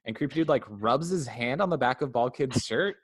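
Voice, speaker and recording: A man's voice: mid-range voice, lively intonation, fairly quick, breathy edge, dry recording, clean studio sound. A man co-hosting a casual podcast, animatedly retelling scenes and acting out characters' lines. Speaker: podcast co-host. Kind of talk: casual podcast review chat.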